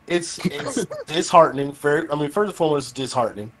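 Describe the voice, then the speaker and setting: A man with a slightly raised voice co-hosts a casual podcast chat. He talks in a measured, reflective way, often restarting a thought before finishing it. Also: a little high, a crowd in the background, poor audio.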